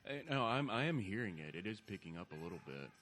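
A man's voice: low-pitched, very animated, fast, fairly bright tone, a little hiss or hum. A man co-hosting a casual podcast from home at a table microphone, telling rambling anecdotes and acting out what people said. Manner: rambling storyteller with quoted asides. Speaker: podcast co-host. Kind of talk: casual chat. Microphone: dynamic microphone at a table.

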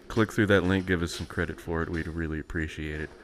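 Rambling low-voiced male podcast host. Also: steady tone, fast talker. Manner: rambling, self-interrupting, laughs often. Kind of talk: casual chat.

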